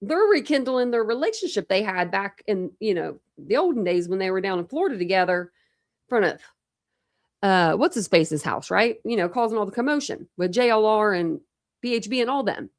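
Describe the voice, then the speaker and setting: A woman's voice: medium pitch, lively intonation, normal speed, dry recording, clean studio sound. A woman hosting a casual true crime livestream, rambling chattily with lots of fillers and restarts.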